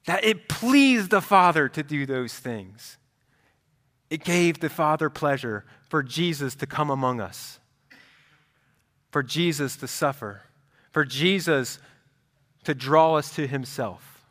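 Pastor guy preaching, chatty and lively, voice a bit high, big echoey hall. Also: slow, pauses often. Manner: conversational, animated preaching. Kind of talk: sermon. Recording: reverberant hall.

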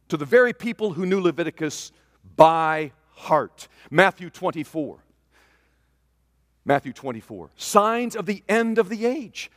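A man preaching a sermon, swinging from loud declarations to hushed asides. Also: high voice, animated, a little slow, clean studio sound. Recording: long reverb of a large hall.

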